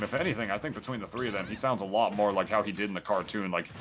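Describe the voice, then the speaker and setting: A man commentating a fighting-game match in a casual, excitable, joking way, full of "like". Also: on the low side, racing, faint music behind. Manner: excitable, joking, chatty with filler "like". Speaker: esports commentator.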